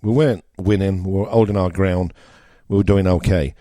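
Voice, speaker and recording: Northern english bloke on the radio, lowish voice, blunt ranty monologue, dry sound. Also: male voice, fairly even intonation, moderate pace, mellow, no echo. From northern England. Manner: blunt, ranting, emphatic repetitions. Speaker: radio show host. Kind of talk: opinionated political monologue.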